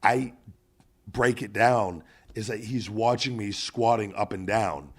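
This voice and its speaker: A man in his thirties hosting a podcast, telling a gym story in casual, profane, animated chat. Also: lowish voice, slow, slightly rough. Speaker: podcast host.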